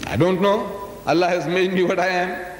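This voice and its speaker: This is an older Islamic lecturer, a South African of Indian descent, addressing a live audience in a large hall with folksy teasing and direct questions to his listeners. His high-pitched voice holds a steady tone at a moderate pace. The recording was made live in the 1980s in an echoey hall.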